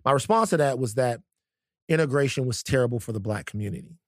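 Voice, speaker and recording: A man's voice: mid-range voice, fast, no echo, clean studio sound. A man co-hosting a podcast in casual conversation, talking in a stop-start way with many fillers and restarts. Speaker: podcast co-host.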